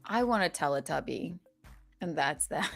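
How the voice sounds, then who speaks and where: A woman hosting a comedy podcast, chatting in casual banter with mock indignation and quick acted-out quotes. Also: low voice, expressive, creaky, soft background music.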